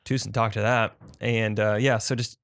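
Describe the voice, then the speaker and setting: A man co-hosting a podcast in casual chat, excitable and laughing often. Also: lowish voice, normal speed, vocal fry, smooth. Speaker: podcast co-host.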